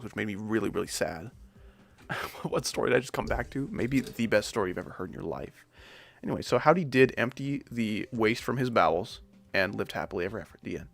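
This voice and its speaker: A man's voice: on the low side, a little fast, gravelly, fairly bright tone. A young man chatting casually on a livestream, rambling and joking, reading chat messages and often saying "dude" and "like". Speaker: streamer.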